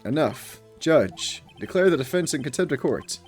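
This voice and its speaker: A man's voice: on the high side, animated, moderate pace, darkish tone, breathy edge, soft background music. A man voicing a stern, arrogant older prosecutor who speaks in cold commands. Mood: commanding.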